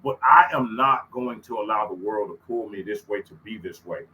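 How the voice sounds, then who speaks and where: A man, co-hosting a casual faith-minded podcast chat. He is excitable, laughs often and bursts up high. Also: normal speed, slight background noise, poor audio. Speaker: podcast co-host.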